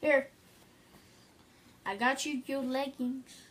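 High-pitched woman from Staten Island, New York, firing off curious side questions, with light noise behind. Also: steady tone, fairly bright tone. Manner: curious, asks lots of quick questions.

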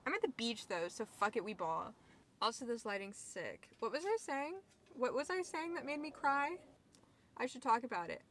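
A woman's voice: medium pitch, fairly bright tone, a little hiss or hum. A young woman vlogging outdoors at the beach, rambling and emotional, swearing freely as she talks to her viewers. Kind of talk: casual vlog talk to camera. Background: faint outdoor ambience.

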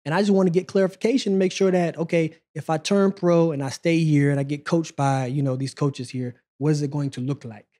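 A man in his forties, a guest on an interview show, telling stories from his past in a relaxed, conversational way. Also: on the high side, fairly quick, few pauses. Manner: relaxed, conversational, acts out quoted dialogue. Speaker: interview guest, former sprinter. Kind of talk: casual storytelling interview.

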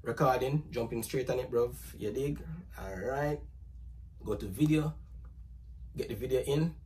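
A man's voice: mid-range voice, a little slow, a little hiss or hum. A man with a Jamaican accent hosting a casual vlog, slangy and loose, tossing "bro" and "you dig" into every line while he chats to strangers on a video app. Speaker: YouTube host. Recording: distant mic with loud music behind.

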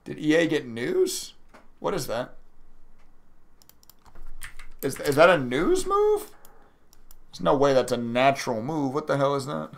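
A man's voice: medium pitch, very animated, measured pace, gravelly, long pauses. A young man streaming his day trading live, talking casually to his chat, frustrated and swearing as he reads messages. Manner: frustrated, swearing, chatting to viewers.

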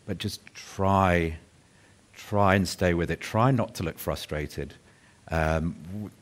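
A man speaking earnestly on a conference panel, halting and restarting as he thinks. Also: low-pitched. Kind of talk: casual panel discussion.

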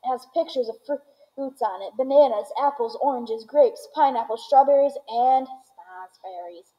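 A woman's voice: a little high, mellow, natural voice, rough recording. Willy Wonka, a woman doing a giddy candy maker. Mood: exuberant. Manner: rapid, exclamatory, boastful. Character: excitable eccentric male candy maker.

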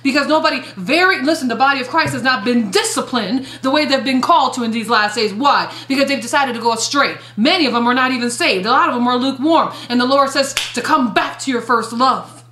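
A woman's voice: high voice, brisk, few pauses, fairly bright tone, roomy sound, slight background noise. A woman evangelist delivering a fiery sermon, emphatic and swooping, with strong rises and sudden drops in force. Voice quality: emphatic, swooping preacher cadence.

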